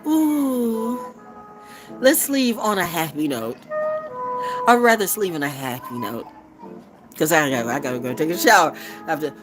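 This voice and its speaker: A woman's voice: sits low, lively intonation, measured pace, pauses often, over music. Blunt, swearing woman tarot reader. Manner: profane, blunt, laughs often. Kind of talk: casual livestream musing with freestyle rhymes.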